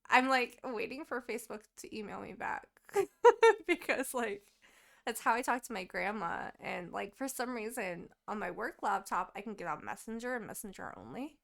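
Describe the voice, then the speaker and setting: Gravelly-voiced young woman ranting casually. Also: fairly high pitch, very animated, moderate pace. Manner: swearing, rambling, laughing. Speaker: podcast co-host. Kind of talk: casual chat.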